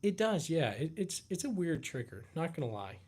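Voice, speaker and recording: A tired man from the United States hosting a casual live Q&A stream, talking in a laid-back, halting way with many fillers and restarts. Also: a little high, very animated, a little mellow. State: tired, yawning. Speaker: livestream host.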